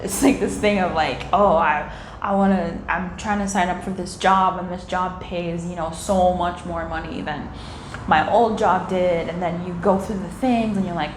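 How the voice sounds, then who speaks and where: A woman's voice: lowish voice, normal speed. Chatty woman tarot reader in echoey room. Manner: chatty, animated, slangy, acts out little quoted voices. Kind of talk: casual tarot reading monologue. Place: indoor room by a window. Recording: echoey room with faint ambient noise.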